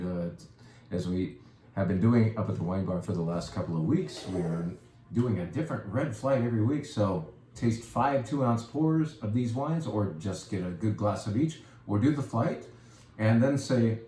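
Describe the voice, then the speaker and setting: A deep, darkish voice belongs to a wine shop host giving a casual presentation, chatty and playful with self-deprecating remarks. A little hiss or hum accompanies the echoey room and its faint ambience.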